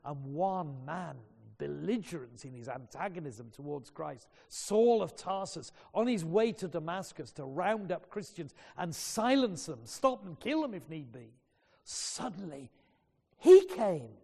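Earnest preacher, mellow tone, hall reverb. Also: male voice, on the high side, animated, measured pace, creaky, few pauses. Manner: earnest, stumbling restarts. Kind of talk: sermon storytelling.

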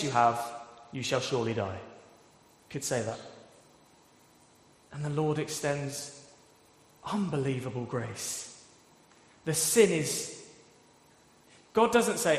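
A man preaching a sermon, expressive, asking rhetorical questions and acting out quoted voices. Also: fairly high pitch. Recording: echoey hall with long reverb.

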